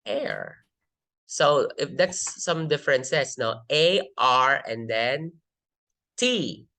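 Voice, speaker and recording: A Filipino-accented woman tutor takes her time, pausing often as she explains the differences between British and American English. She mixes English with Tagalog. Her pitch jumps when she models example words. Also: fairly bright tone. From Philippines. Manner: switches between English and Tagalog, slow and drawn out with many pauses. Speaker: IELTS tutor. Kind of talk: casual tutorial teaching.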